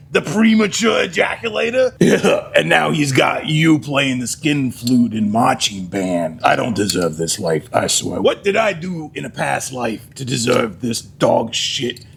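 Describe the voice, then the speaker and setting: A man's voice: fairly high pitch, creaky, a little hiss or hum, full character voice. A man playing a bitter, crude divorced father who rants and swears at his kid in a comedy sketch. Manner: crude, ranting, exasperated, swearing. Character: angry bitter divorced middle-aged dad, crude. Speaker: comedic POV character sketch.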